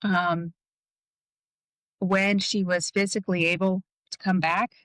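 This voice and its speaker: A woman guest in an interview, telling a personal story in a halting way, full of "like" and "um". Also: on the low side, flat delivery, no echo, low-quality recording.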